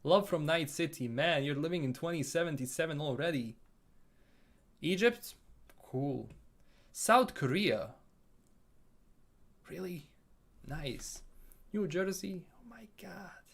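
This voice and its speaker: A man's voice: a little high, animated, slow pace, pauses often. A man from Bosnia with a Bosnian accent, casually reading viewer comments aloud and answering them on a live stream.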